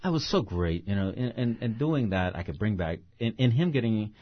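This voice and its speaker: A man speaks expressively as a novelist guest, often restarting his phrases. His voice is low and husky, and his pitch swings widely. The recording sounds dull and dry. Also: lively intonation, brisk, no echo. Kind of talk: interview conversation.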